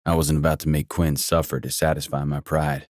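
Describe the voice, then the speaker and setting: A man narrating a romance audiobook in the first person with a measured, even reading. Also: very deep voice, dry recording, studio quality.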